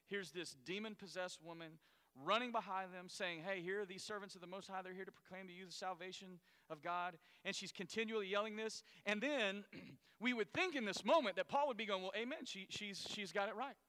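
A man preaching a sermon in a lively, conversational way, acting out the people in the story with sudden loud, high bursts. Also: brisk, clean tone, long reverb tail. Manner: animated, acts out Bible characters with bursts of loud high voices. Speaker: pastor.

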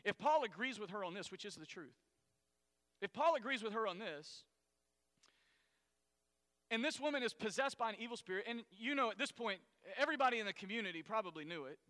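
A man preaches a sermon with a high, bright, cutting voice. He talks casually and acts out the story's people in sudden loud bursts. His voice rings with the long reverb of a big hall. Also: animated, brisk, long pauses. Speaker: pastor.

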